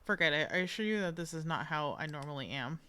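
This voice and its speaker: A woman's voice: low-pitched, animated, quick pace, sharp tone, clear, resonant tone. A woman reading aloud the lines of a grumpy, overworked young female engineering consultant in a game, irritable and defensive.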